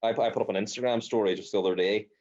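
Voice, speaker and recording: A man's voice: lowish voice, steady tone, rapid-fire, a little mellow, lo-fi sound. A man hosting a podcast, chatting casually and acting out quotes while he tells stories. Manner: storytelling with mimicked quotes, chatty. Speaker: podcast host. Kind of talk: casual chat.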